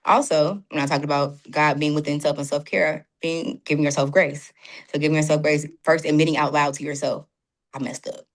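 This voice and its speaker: Woman, podcast guest, low voice, quick delivery, animated, plays out her inner dialogue. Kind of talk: casual faith conversation.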